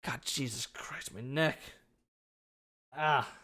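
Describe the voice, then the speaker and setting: A man's voice: a little high, a little slow, mellow. A male streamer making casual asides while he reads aloud.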